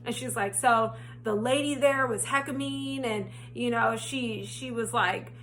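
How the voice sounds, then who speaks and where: A young woman vlogger telling a personal storytime in a casual, animated way that rises to indignation. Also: fairly high pitch, measured pace, slight background noise. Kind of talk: storytime vlog. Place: home, frogs heard outside.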